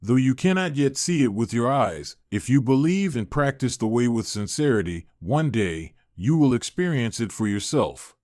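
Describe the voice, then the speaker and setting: A man voicing a gentle, wise elderly monk who speaks slowly and soothingly. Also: mid-range voice, big pitch swings, no room sound, clean studio sound, natural voice. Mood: gentle teaching. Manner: slow, soothing, kindly teaching tone.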